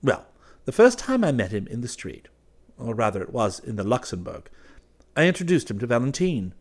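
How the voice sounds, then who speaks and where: A man reading an audiobook, voicing an excitable, chatty young male artist in a raised, eager tone. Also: medium pitch, moderate pace, pitched above the performer's own voice.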